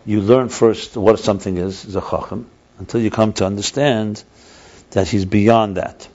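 A man's voice: fairly low pitch, steady tone, normal speed, a little mellow. A man teaching a text class, reading passages aloud and explaining them step by step, often repeating himself. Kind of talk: text study lesson. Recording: dull lo-fi recording.

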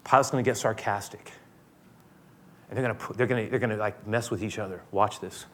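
Bright-voiced preacher telling a dramatic story. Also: male voice, on the low side, steady tone, brisk, slight background noise. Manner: dramatic storytelling that swings between loud and hushed. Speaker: pastor. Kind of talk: sermon.

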